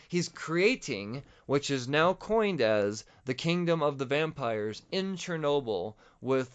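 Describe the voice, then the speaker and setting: A man hosting a podcast, recapping a comic book story in a rambling, excited and profane way. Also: medium pitch, clear, resonant tone. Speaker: podcast host. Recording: dull lo-fi audio.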